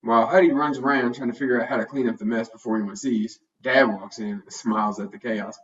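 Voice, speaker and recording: A man narrating a children's storybook in a steady, plain reading voice. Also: mid-range voice, fast. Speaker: storybook reader. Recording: dull, distant home recording.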